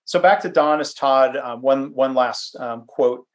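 A man's voice: mid-range voice, slow pace. A man presenting a webinar from his home office, speaking conversationally and self-deprecatingly, with frequent fillers and restarts. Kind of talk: presentation with anecdotes.

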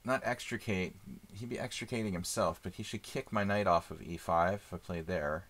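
A man streaming live chess, thinking aloud in casual commentary with many fillers and pauses. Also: deep voice, a bit bright.

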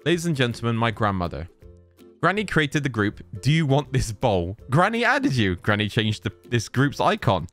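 A man's voice: medium pitch, very animated, moderate pace, fairly bright tone, soft background music. A young man giving casual, exasperated reaction commentary and reading posts aloud, with frequent exclamations. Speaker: YouTuber reacting to social media posts.

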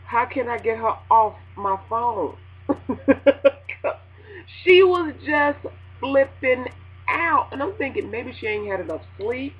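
Husky woman ranting casually, lo-fi. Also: takes it slowly. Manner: animated, laughing, acts out calls in high voices. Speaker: radio host. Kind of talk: casual spoken rant.

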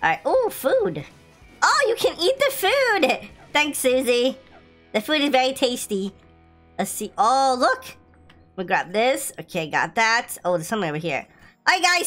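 Excitable high-voiced woman gaming. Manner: excitable, laughing, playful. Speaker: gaming video host. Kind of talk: casual gameplay commentary.

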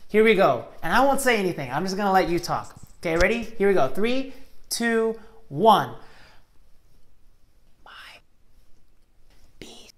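A woman teaching children a Bible memory verse in an upbeat, encouraging way, acting playfully exasperated at a helper. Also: on the low side. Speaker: Sunday school teacher.

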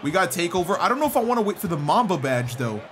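A man giving excited gameplay commentary as a gaming YouTuber, shouting and groaning at the game as it goes. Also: sits high, quick pace. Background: game music and sounds.

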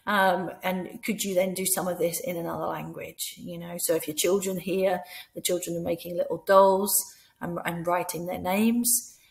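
A woman with a Scottish accent giving instructional advice to teachers, now and then slipping into a bright voice as she acts out talking to children. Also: lowish voice, little pitch movement, moderate pace, gravelly. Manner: demonstrates by speaking to imagined children in a bright teacher voice. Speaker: teacher trainer. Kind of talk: instructional talk with classroom role-play.

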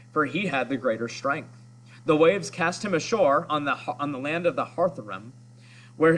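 A man's voice: fairly high pitch, a bit bright, a little hiss or hum, rough recording. A man doing a snobby sneering warrior. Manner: snobby, mocking. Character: snobby sneering male warrior, jealous challenger. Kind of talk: read-aloud of a story.

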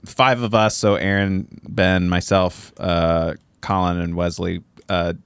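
Low-voiced man hosting a casual podcast. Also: little pitch movement, slow pace, clean tone, dry recording. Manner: laughs often, rambling explanations with restarts. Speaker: podcast host.

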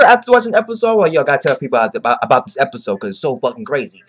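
A young man giving an excited, slangy, profanity-laced casual recap of an anime episode, often repeating himself. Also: medium pitch, rapid-fire. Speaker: anime reaction vlogger.

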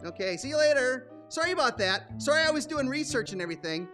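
A man voicing an excitable, scatterbrained male bunny puppet in a children's puppet show, giggling and stammering as he talks. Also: very high-pitched, fast, soft background music, full character voice. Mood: excited.

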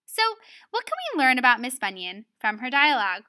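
A woman's voice: a little high, expressive, brisk, pushed and bright, clean tone. A woman teaching a writing lesson on dialogue, explaining step by step and often checking in with "right?". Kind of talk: recorded lesson video.

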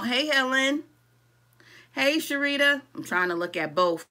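A woman's voice: a little high, a little slow. A woman hosting a live crochet tutorial in a casual, chatty way, greeting viewers by name and reading out their comments as she works. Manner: casual and relaxed, calls viewers "y'all". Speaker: crochet-along host. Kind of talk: live-stream craft tutorial.

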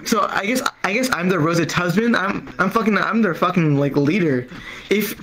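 This open mic comic tells a profane story on a comedy club stage, stammering and wandering as he plays the people in it. He has a high-pitched, fairly bright voice at a normal speed, heard through a rough recording.

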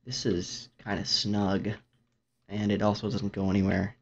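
A man's voice: completely flat delivery, unhurried. A young man commentating his own gameplay in a dry, rambling, self-mocking way. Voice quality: low gravelly voice. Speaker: gaming YouTuber. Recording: dull lo-fi mic.

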